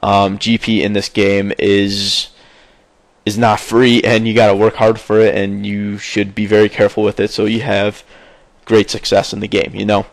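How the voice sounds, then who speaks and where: A young man talks loosely and informally about his gaming days. He leans on filler words and swears freely. His voice sits a little low, and the recording is dry with no room sound. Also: monotone, normal speed, no echo. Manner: rambling, heavy on fillers, swears often. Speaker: gaming video maker. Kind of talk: casual nostalgic gaming chat.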